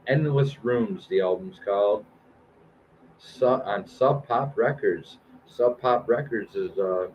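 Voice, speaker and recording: This is a man in his fifties running through new album releases on a live stream, pausing often on "uh" and "um". His voice sits low and moves slowly. The recording sounds a little dull, with faint hiss underneath. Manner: reads album blurbs aloud with fillers and restarts. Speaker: host of a live stream music show.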